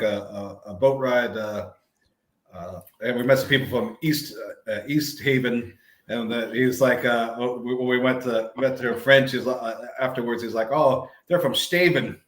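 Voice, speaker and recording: A man's voice: mid-range voice, steady tone. A man, telling a story in fits and starts, with lots of fillers. His voice sounds roomy and echoey. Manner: halting, many fillers and restarts. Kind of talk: casual storytelling. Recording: roomy echo.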